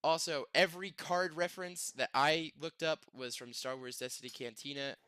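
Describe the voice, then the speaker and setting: A man chats loosely as the host of a podcast, drifting through plugs and asides with a self-mocking streak. His voice is bright and crisp, and it sits close and dry with no room around it. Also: on the high side, moderate pace, dry recording. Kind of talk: casual podcast chat.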